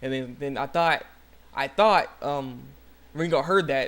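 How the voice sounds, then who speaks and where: A young man hosting his own channel, retelling an episode in a rambling, excitable way with lots of fillers and restarts. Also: fairly high pitch, fairly quick, a little hiss or hum. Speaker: channel host. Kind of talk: casual anime episode recap.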